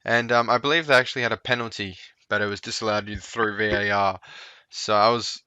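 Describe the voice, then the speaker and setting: Chatty low-voiced man commenting on his game. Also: steady tone, a little fast, bright, forceful tone, clear, resonant tone, no echo. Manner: chatty, talks to his players on screen. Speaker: gaming YouTuber. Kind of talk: casual let's-play commentary. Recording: dull, slightly lo-fi sound.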